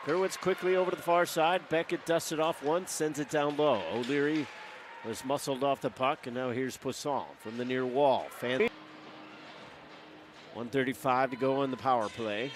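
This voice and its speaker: A man's voice: medium pitch, steady tone, background noise. Man calling live hockey play-by-play. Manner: brisk, running call of the action that climbs to shouts. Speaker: play-by-play announcer.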